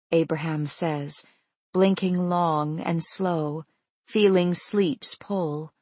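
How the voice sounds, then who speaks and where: A woman narrating a scripted story in a gentle, unhurried way. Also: on the low side, fairly even intonation, slightly rough, no room sound.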